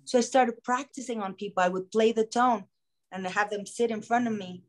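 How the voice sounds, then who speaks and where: A woman podcast host telling a story in a casual, animated way, acting out the voices of the people in it. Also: a little high, a little fast. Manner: animated, acts out quoted voices. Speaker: singer.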